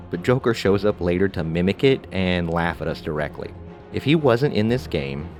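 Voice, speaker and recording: A man narrating a scripted video game review in a relaxed, conversational way with casual asides. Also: low-pitched.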